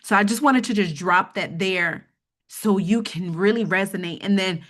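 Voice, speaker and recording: A woman's voice: mid-range voice, normal speed, a bit bright. Chatty woman hosting a finance webinar. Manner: conversational, checks in with the audience with frequent "okay?". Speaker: webinar host teaching personal finance. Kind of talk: live webinar presentation.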